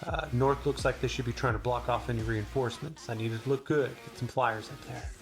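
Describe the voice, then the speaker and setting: Guy doing a confident rebel commander, brisk and folksy, gravelly voice, music in the background. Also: mid-range voice, steady tone, close to an everyday voice. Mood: commanding. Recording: music playing behind.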